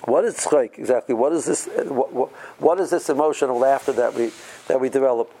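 A man's voice: medium pitch, brisk, mellow, slight background noise, poor audio. A man teaching an informal Torah lecture, conversational and full of rhetorical questions, with Hebrew terms mixed in. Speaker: rabbi teaching Torah class.

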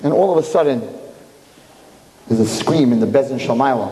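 A man telling a religious story in an animated, dramatic way. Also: mid-range voice, normal speed, long pauses, a little hiss or hum. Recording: echoey hall.

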